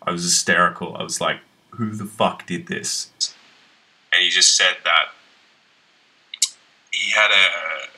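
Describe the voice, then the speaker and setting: A man's voice: low-pitched, fairly even intonation, unhurried, long pauses, bright, forceful tone, slightly rough, exaggerated voice, poor audio. An actor playing a young man on a date, telling a rambling, profane story about his wrecked room. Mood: rueful. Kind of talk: conversational web-series acting.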